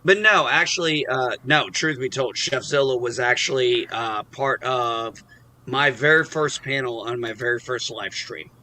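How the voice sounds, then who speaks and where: A man's voice: mid-range voice, a little slow, pushed and bright. A man hosting a casual live stream chat, rambling and cursing freely. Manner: swears freely, rambling, self-deprecating. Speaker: host.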